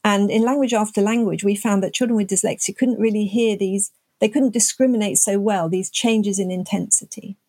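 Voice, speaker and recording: A woman's voice: medium pitch, fairly even intonation, brisk, hardly any pauses, darkish tone, no echo. An older woman, a scientist guest, explaining her research thoughtfully in an interview. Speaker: neuroscientist guest.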